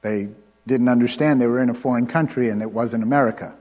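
A man preaching a sermon as pastor, conversational, with quick asides and bursts of fast talk. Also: medium pitch, steady tone, darkish tone. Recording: long hall reverb.

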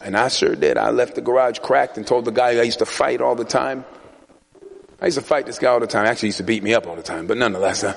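A male pastor delivering a storytelling sermon in a loose, conversational way. He chuckles often and drops into voices for the people in his stories. His voice sits at an ordinary middle pitch for a man. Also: quick pace, creaky, a little hiss or hum.

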